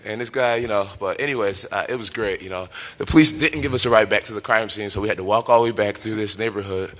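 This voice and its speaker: A bright, clear-toned young man in his twenties recounting a story with lots of animation. He laughs easily and acts out the lines of the people in it. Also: lowish voice, quick pace. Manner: lively, laughs often, acts out quotes. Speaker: professional fighter.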